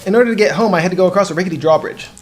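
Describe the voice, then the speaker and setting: Animated young man telling a story. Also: high voice, racing. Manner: animated storyteller with frequent laughs and restarts. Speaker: co-host of a game podcast. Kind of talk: casual chat, telling a dream story.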